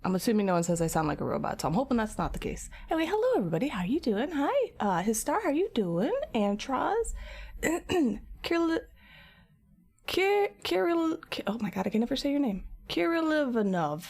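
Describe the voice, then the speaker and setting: A woman's voice: a little high, sing-song, fairly quick. Chatty woman streaming at her art desk. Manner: chatty, greets viewers by name; drops into soft mutters and whispers. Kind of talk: casual chat with live chat. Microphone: camera mic.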